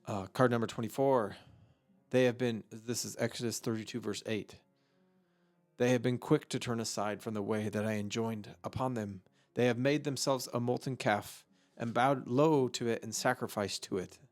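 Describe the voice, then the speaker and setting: A man giving an unscripted vocabulary lesson, slow and halting, thinking aloud with many fillers. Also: medium pitch, fairly even intonation. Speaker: Hebrew vocabulary teacher.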